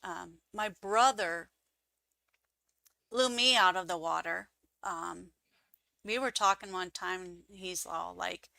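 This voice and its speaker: A woman who is a guest on an interview show, telling her stories casually and acting out the quoted voices with big jumps in pitch. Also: takes it slowly, creaky, pauses often, bright, forceful tone, no room sound.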